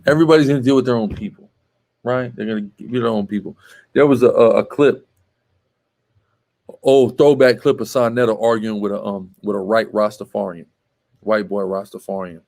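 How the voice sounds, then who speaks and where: A man leads a Bible class in a forceful, emphatic way. He scolds his students and keeps checking with a quick "right?". He breaks in to tell the reader to read on. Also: fairly low pitch, steady tone, gravelly. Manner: emphatic, tags statements with "right?". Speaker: teacher leading a Bible class.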